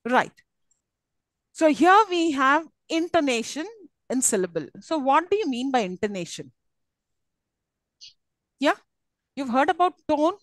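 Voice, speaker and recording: A very animated university English lecturer with a high, fairly bright voice speaks a little slowly, leaving long pauses. She teaches her class patiently, using many fillers and questioning her students. The rough recording has no room sound.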